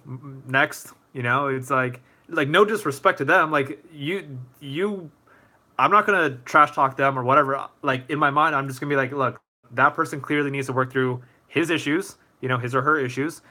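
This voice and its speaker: A man's voice: mid-range voice, bright, forceful tone. A man hosting a casual live-stream Q&A, chatty and easygoing, answering viewer comments with many fillers.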